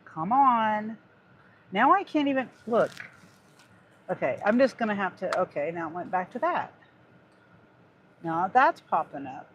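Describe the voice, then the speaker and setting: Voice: mid-range voice, sing-song, unhurried, pauses often, fairly bright tone, highs cut off, a little hiss or hum. A gig delivery driver vlogging to viewers, sighing and muttering in exasperation at a glitching phone. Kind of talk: casual vlog talking to viewers.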